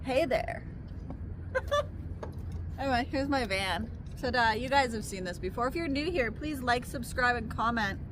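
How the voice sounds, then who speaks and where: A woman's voice: fairly high pitch, lively intonation, moderate pace, long pauses, noisy background. A young woman chatting candidly to camera about her life in a camper van, with frequent fillers and asides. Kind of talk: casual vlog chat to camera. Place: in and around a parked camper van. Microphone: camera on a tripod.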